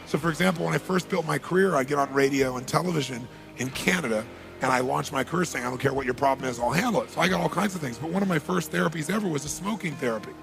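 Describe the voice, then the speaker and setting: A man's voice: on the high side, rapid-fire, creaky, over music. A man giving an emphatic motivational talk at a seminar, telling a story and repeating key phrases for weight. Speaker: motivational speaker.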